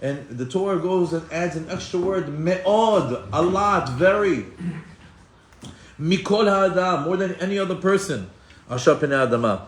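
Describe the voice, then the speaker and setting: Male Torah teacher, animated, slightly higher voice, echoey room with faint ambience. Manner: animated, acts out quoted voices, many restarts. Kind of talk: Torah class sermon.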